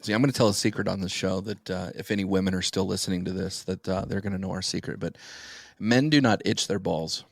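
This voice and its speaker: Man, podcast co-host, lowish voice, frank easygoing talk, dry close mic. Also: steady tone, fast talker, vocal fry, no echo. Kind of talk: casual podcast banter.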